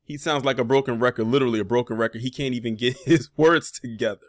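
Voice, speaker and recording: A man's voice: medium pitch, fast, no room sound, clean studio sound. A man hosting a reaction commentary video, talking casually and pointedly, with sarcastic asides and frequent fillers.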